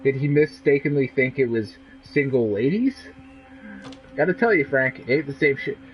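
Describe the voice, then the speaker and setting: A man's voice: medium pitch, animated, normal speed, highs cut off, a little hiss or hum. A man giving profane, sarcastic commentary while streaming a game.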